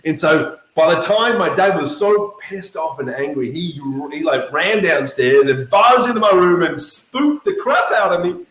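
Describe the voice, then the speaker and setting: A man with an Australian accent telling a lively motivational story about network marketing, acting out the voices he quotes. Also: a little high, measured pace, hardly any pauses, reverberant, low-quality recording. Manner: energetic, acts out quoted voices.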